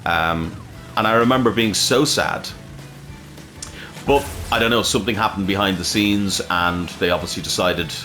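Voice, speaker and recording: A man's voice: low-pitched, expressive, moderate pace, bright, forceful tone, soft background music. A man hosting a let's play, chatting casually and swearing freely while he plays. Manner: rambling, swears freely, self-correcting. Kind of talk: casual gameplay commentary.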